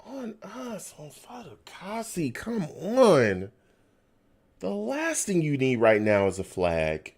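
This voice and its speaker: A man hosts a live fan stream and reacts to a football game as it plays out. He vents his frustration and reads chat messages aloud. His pitch is very animated, and his level swings from low muttering to loud ranting. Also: slow pace. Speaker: fan livestream host.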